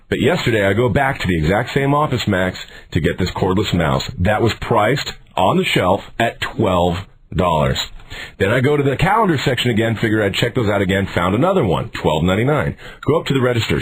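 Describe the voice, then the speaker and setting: A man who co-hosts a radio show, telling an indignant story in casual talk with an animated, husky voice. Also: lowish voice.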